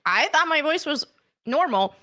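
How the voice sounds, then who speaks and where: A woman's voice: sits high, animated, unhurried, bright, forceful tone. A woman hosting a casual livestream and reading chat, blunt and indignant, with lots of fillers. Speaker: livestream host.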